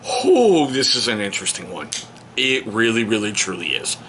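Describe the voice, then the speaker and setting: A man's voice: fairly low pitch, moderate pace, slight background noise. A man telling a casual, joking story to camera as a stepfather vlogger, at home. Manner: joking, animated, playful. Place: home on a cold day. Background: heater running.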